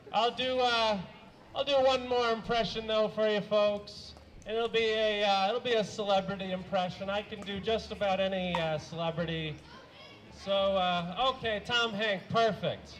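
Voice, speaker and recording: A young man doing a deadpan stand-up set of one-liners, halting, with many uhs and some throat clearing. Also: high-pitched, poor audio. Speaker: stand-up comedian.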